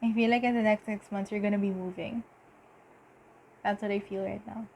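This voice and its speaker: A woman giving a casual tarot reading, talking in halting bursts with lots of fillers and giddy laughter. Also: medium pitch, steady tone, darkish tone, slight background noise. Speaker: tarot reader.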